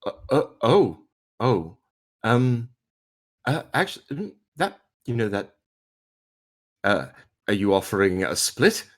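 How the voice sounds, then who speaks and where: A man's voice: on the low side, big pitch swings, takes it slowly, pauses often, full character voice. A man voicing a nervous young man who hesitates and stammers through every sentence. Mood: flustered.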